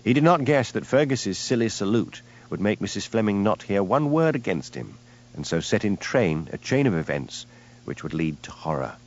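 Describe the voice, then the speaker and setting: A man narrating an audiobook with an expressive, varied delivery. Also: fairly low pitch, normal speed, muffled recording. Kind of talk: scripted narration.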